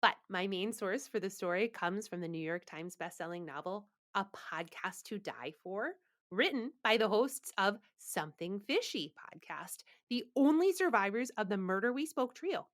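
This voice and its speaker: A woman's voice: mid-range voice, animated, moderate pace, fairly bright tone. A woman co-hosting a theatre podcast, chatting breezily and narrating a story. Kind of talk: casual chat and story narration.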